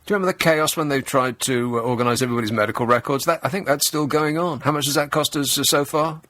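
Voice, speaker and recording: A middle-aged man, hosting a radio talk show and delivering a sarcastic, deadpan satirical monologue. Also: medium pitch, fast, no room sound. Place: radio studio. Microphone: close studio microphone.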